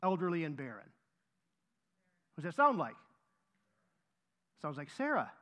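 High-voiced man preaching a sermon. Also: wildly swooping pitch, a little slow, bright, forceful tone. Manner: emphatic, repeats key phrases for stress. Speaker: pastor.

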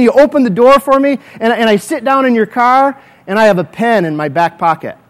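A man's voice: high voice, lively intonation, fast, few pauses, fairly bright tone. A male pastor preaching a sermon. He prays earnestly and tells vivid, playful hypothetical stories. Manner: earnest prayer. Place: church.

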